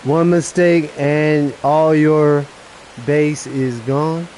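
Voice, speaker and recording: A man streaming a live game, chatting casually and breaking into nervous, excited exclamations as he plays. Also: a little high, drawn-out words, a little hiss or hum, low-quality recording. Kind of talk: live gameplay commentary.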